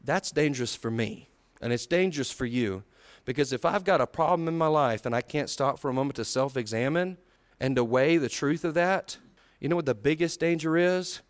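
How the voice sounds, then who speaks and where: A man preaching a sermon, swinging from loud acted-out voices down to low, quiet asides. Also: a little fast. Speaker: pastor.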